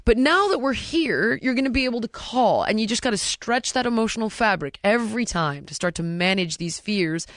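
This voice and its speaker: A woman's voice: on the high side, lively intonation, brisk, few pauses, dry recording, studio quality. Blunt, swearing woman podcast host. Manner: candid, blunt, swears freely. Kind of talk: casual chat.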